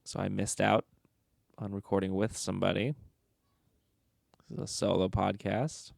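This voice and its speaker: A man's voice: sits low, level tone, normal speed, gravelly, a little mellow, no echo, studio quality. A young man hosting a solo podcast from his bedroom, talking into a microphone in a joking, rambling, self-mocking way. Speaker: podcast host. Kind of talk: casual solo podcast chat. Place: bedroom at home.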